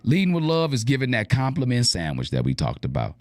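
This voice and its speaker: Man, radio advice host, slangy casual talk, lively, mid-pitched voice, dry close mic. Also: fairly quick, no room sound. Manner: animated, slangy, acts out quoted lines in higher voice.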